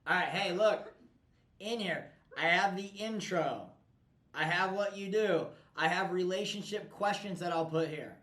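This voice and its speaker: A man's voice: high voice, a little slow, echoey room, low-quality recording. A man coaching his team in a blunt, profane motivational talk. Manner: forceful, profane, pushy.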